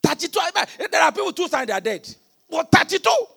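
A man preaching a sermon. He keeps asking the congregation questions and often breaks into shouted emphasis. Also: extremely high pitch, big pitch swings, brisk, vocal fry.

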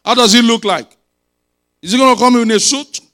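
A man voicing a puzzled young woman who questions an angel in rapid disbelief, within a sermon. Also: very high-pitched, a bit bright, voice pushed up. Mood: incredulous.

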